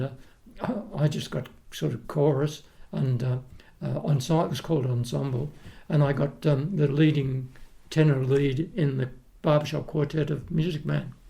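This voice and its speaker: An older man with an Australian accent chats easily, spinning one anecdote into the next. His voice sits a touch high and carries a gravelly crackle. He often loops back and restarts his sentences before carrying the story on. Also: mellow. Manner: rambling anecdotes with frequent restarts and laughs. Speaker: guest, retired opera tenor. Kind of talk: casual chat, storytelling.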